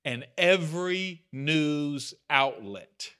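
A man's voice: a little high, animated, very slow, bright, forceful tone, smooth. A man leading a church study group, talking casually and earnestly, with self-deprecating asides. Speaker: bible study leader. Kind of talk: casual teaching talk.

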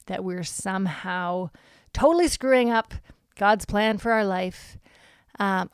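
A woman's voice: mid-range voice, creaky, no room sound, clean studio sound. Earnest woman hosting a faith podcast. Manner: earnest and conversational, with frequent ums. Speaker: podcast host. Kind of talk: faith-based devotional podcast talk.

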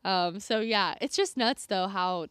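Young woman chatting about faith, lots of likes and um, dry close mic, middle pitch. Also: unhurried, clear, resonant tone, no room sound. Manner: animated, chatty, many fillers. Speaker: podcast co-host. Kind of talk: casual faith chat.

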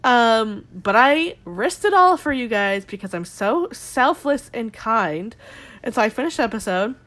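A young woman with a slightly high voice hosts a casual podcast. She recaps a show in a gossipy, dramatic way, swearing freely and acting out what people said. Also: expressive, measured pace, fairly bright tone. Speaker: podcast host.

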